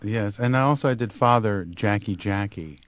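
A man's voice: fairly low pitch, moderate pace, no room sound. A middle-aged male comedian giving a rambling, self-deprecating radio interview. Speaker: guest comedian.

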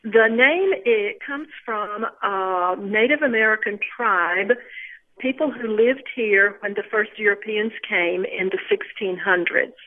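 A woman's voice: medium pitch, unhurried. A woman, a local tour guide, patiently explaining things in a phone interview. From Louisiana. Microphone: telephone. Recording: tinny phone line.

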